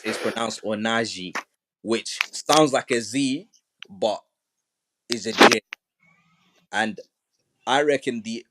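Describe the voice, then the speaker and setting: A man with a fairly low voice hosts a casual live-stream discussion, handing turns to his guests and restarting his sentences as he thinks aloud. His mic carries a clear layer of noise with some clicks. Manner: chatty, moderating turns, frequent restarts. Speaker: host.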